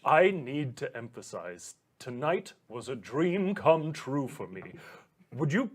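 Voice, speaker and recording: A man voicing an eager, starstruck male fan who gushes excitedly. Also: medium pitch, slow pace. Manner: excitable, gushing.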